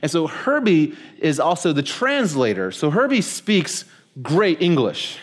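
A man preaching a sermon in a relaxed, storytelling way. His pitch swings widely and sits a touch high. He sprinkles his talk with fillers as he builds toward his point. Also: measured pace. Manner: casual storytelling with many fillers. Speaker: pastor.

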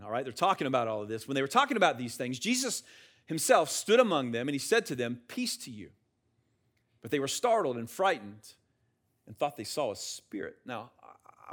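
Animated, lively-voiced male preacher. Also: medium pitch. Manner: animated, conversational preaching with rhetorical questions; acts out quotes of biblical figures. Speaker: pastor. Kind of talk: sermon.

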